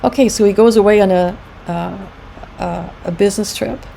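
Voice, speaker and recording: A middle-aged woman presents an educational talk in a loose, conversational way, full of fillers and acted-out quotes. Her voice is mellow and soft-edged, set at an ordinary middle pitch. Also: moderate pace, gravelly, a little hiss or hum, poor audio. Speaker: founder of a domestic abuse support group, presenter.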